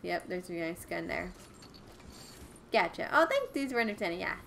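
A woman's voice: lowish voice, big pitch swings, normal speed, gravelly, a bit bright, a little hiss or hum. A woman hosting a casual gaming livestream, chatty and upbeat, greeting viewers by name. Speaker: livestream host. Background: game music.

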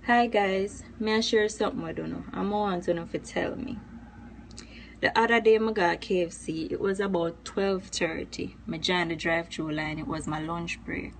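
A woman's voice: lowish voice, steady tone, moderate pace, creaky, slight background noise. A woman chatting through a story in a vlog.

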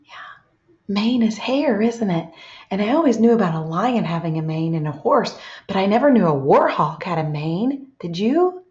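A woman teaching a reading lesson to young children, reading aloud slowly and gently and stopping to ask them questions. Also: medium pitch, lively intonation. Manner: slow, gentle, asks children questions and pauses. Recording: echoey, dull lo-fi room sound.

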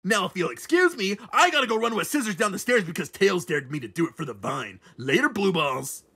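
A man's voice: high-pitched, sing-song, brisk, pushed and bright, slightly rough, full character voice. A man voicing a crude, dim-witted, brash male echidna in a puppet comedy sketch, boastful and stammering. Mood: cocky.

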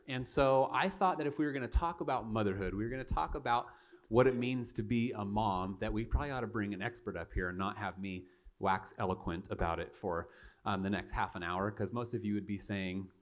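A young man preaching to his church, telling a childhood story with animated, self-mocking humor and acted-out voices. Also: fairly low pitch. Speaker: pastor. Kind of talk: storytelling sermon. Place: church sanctuary.

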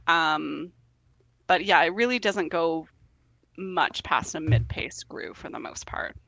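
Woman guest on a podcast, gravelly but bright voice, lots of ums, laid back. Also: low voice, slow, no echo, rough recording. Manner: relaxed, hesitant with frequent ums. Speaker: podcast guest, album reviewer. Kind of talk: casual chat.

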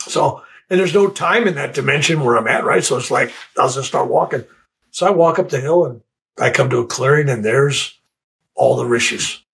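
An older man with a gravelly, fry-edged voice recounts his own extraordinary experience in a plain, unhurried way. He stumbles and repeats small words as he reaches for what he means, then carries on with the story. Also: medium pitch, a bit bright, poor audio. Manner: halting, repeats words when searching for them. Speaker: interviewee. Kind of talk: personal storytelling.

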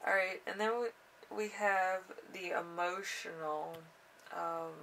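A young woman giving a casual tarot reading in an unhurried, rambling way with drawn-out fillers. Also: lowish voice, fairly even intonation, gravelly, pushed and bright, distant mic, a little hiss or hum, poor audio. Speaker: tarot reader.

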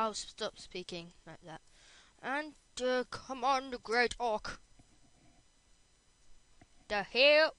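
A woman commenting on her own gameplay in a loose, goofy way, joking and chatting straight to the viewers. Her voice sits a little high and sounds bright and sharp, and she talks slowly and unhurriedly, with a tired edge. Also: expressive, clean tone, low-quality recording. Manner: playful, silly, chatty to viewers. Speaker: gaming video host. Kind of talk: casual gaming commentary.

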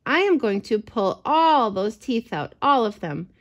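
Give me a smug, self-assured storybook goose, read by a woman in a slightly high voice. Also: sing-song, lo-fi sound. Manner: confident, self-assured, brisk. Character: proud silly female goose, bossy know-it-all.

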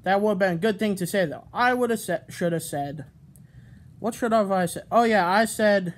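A man's voice: high-pitched, moderate pace. A man vents into his camera in a heated, rambling rant. His speech is full of swearing, and he keeps breaking off sentences to restart and correct himself. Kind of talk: ranting vlog. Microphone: camera mic.

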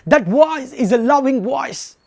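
A man's voice: extremely high pitch, animated, unhurried, vocal fry, dark tone, dry recording, clean studio sound. A man preaching a sermon, emphatic and repetitive, asking rhetorical questions.

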